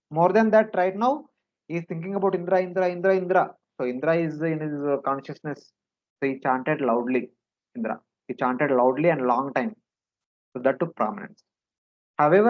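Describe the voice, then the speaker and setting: A man teaching a scripture class, explaining Sanskrit grammar and chanting words slowly and repeating them. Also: a little high. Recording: dull lo-fi recording.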